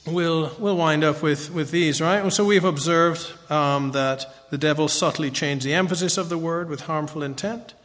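A man's voice: fairly high pitch, normal speed, hardly any pauses, fairly bright tone, long reverb tail. A man giving a conversational Bible teaching lecture, often checking in with a rhetorical "right?".

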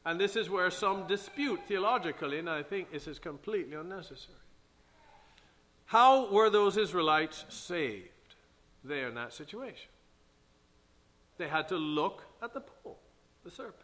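Forceful preacher man in an echoing hall. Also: sits high, animated, normal speed, pauses often. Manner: emphatic preaching with King James scripture reading. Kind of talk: sermon. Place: church sanctuary. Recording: long church hall reverb.

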